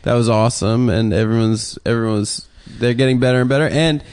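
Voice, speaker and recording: A man co-hosting a comedy podcast, laughing often and rambling through quick setups. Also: medium pitch, steady tone, darkish tone, clean tone. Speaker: podcast co-host. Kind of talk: casual comedic chat.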